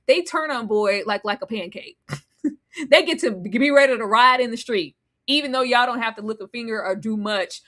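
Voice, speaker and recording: A woman's voice: mid-range voice, fairly bright tone. A woman co-hosting a live show recap in casual chat. She acts out characters' lines and laughs often. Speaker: podcast co-host. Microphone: home mic, live stream.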